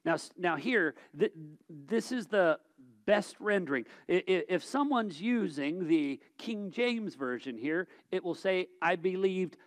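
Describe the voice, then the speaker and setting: High-voiced man preaching a sermon. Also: lively intonation, measured pace. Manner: emphatic, with big swings between loud exhortation and quiet reflection; stumbles and repeats words while thinking aloud.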